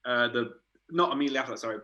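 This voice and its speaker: Bright-voiced man telling stories. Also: mid-range voice, rapid-fire, dull audio. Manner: animated, swearing, laughing storyteller. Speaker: art director guest. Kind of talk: casual storytelling chat.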